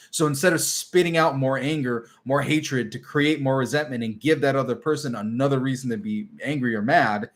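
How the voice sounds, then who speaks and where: Emphatic man hosting a live stream. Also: medium pitch. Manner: animated and emphatic, drops to a soft tender tone when acting out a partner. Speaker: live stream host and relationship coach. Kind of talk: casual live stream talk.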